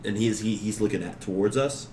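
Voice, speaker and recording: A man's voice: on the low side, fast, a little hiss or hum. A man playing a tabletop game, chatting casually with a lot of swearing. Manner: profane, excitable. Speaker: player. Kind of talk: casual chat. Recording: echoey room.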